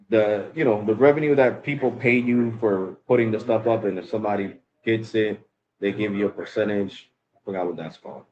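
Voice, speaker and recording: A man with a fairly low voice talks in loose, rambling casual chat and gropes for words mid-sentence. The recording sounds dull and lo-fi, with faint noise underneath. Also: a little mellow. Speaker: host talking with an AI assistant.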